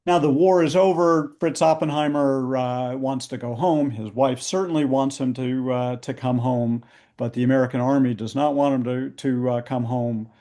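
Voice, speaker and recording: A man, an author, narrating history over slides on a video call, with many pauses and fillers. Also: medium pitch, steady tone, warm tone. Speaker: book author. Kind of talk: book talk presenting slides.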